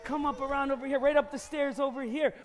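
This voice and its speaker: A man's voice: extremely high pitch, fairly even intonation, fast, crowd noise. A man performing a playful family magic show on stage, leading the audience in call-and-response. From United States. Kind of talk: live kids' magic show patter. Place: concert hall stage. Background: music playing.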